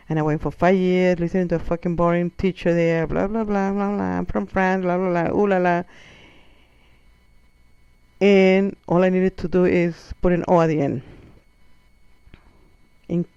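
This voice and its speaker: A comedian whose first language is not English, with a slightly high, smooth voice, delivers an animated, profane storytelling monologue and acts out the voices of the people in his stories. The recording is lo-fi, with no room sound.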